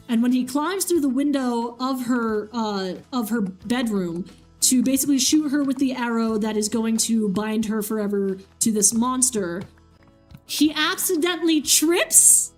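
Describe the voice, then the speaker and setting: High-voiced woman casually retelling a myth. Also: a little slow, soft background music. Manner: animated, casually swearing. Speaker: streamer. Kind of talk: casual storytelling.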